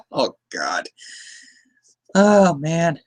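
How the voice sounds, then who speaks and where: A man's voice: medium pitch, a bit bright. A man hosting a podcast, recapping a movie in a casual, rambling way, chuckling often and slipping into quoted lines. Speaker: podcast host.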